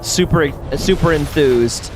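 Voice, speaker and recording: A man streaming and chatting casually while playing a video game, rambling with lots of fillers and bursting out in sudden excitement. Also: a little high, takes it slowly, background noise. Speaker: streamer and host.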